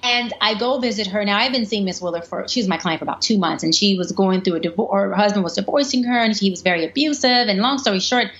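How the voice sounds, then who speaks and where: A woman guest telling a personal story in an interview, animated and lively, often slipping into the voices of other people. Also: medium pitch, fast talker, hardly any pauses. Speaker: life coach guest. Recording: slightly muffled with faint background noise.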